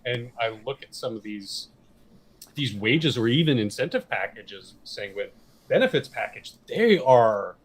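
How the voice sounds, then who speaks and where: A man talking casually as a podcast co-host, his voice sitting at an ordinary middle pitch. He rambles through his opinions, restarts his sentences and swears without a second thought. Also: sing-song, measured pace, husky. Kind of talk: casual chat.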